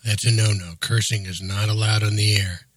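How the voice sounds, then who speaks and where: A cocky young radio hobbyist with a teasing way of talking, as a man reads him aloud in a storybook. The voice sits low and a little husky, recorded dry and close. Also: steady tone, no room sound. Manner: teasing, quick comebacks.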